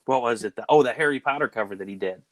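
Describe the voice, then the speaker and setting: Man, chat show host, animated storyteller, acts out quotes, casual. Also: medium pitch, racing, no echo.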